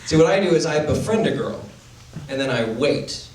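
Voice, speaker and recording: A young man performs dry stand-up with a high voice that swoops up and down. He talks in a halting way, with plenty of fillers. The sound is recorded from far off in an echoey room, with the crowd's laughter behind him. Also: expressive, a little mellow, slight background noise. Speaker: stand-up comedian. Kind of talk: stand-up comedy set. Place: small live venue with an audience. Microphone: distant camera mic. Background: audience laughter.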